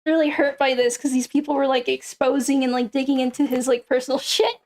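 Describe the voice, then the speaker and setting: A woman's voice: sits high, flat delivery, fast talker, a little mellow. A young woman streamer casually telling a gossip story, swearing and laughing as she goes. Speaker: streamer host. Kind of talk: casual chat.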